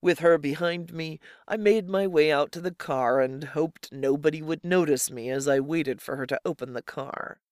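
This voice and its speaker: An audiobook narrator reads a first-person story in a mid-range voice at a steady, measured pace. The microphone is close and the sound is very dry, without any room echo.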